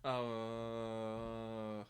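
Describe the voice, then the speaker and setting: A man's voice: on the low side, completely flat delivery, drawn-out words, clean tone. A man playing a tabletop game, asking questions casually and a bit hesitantly. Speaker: player.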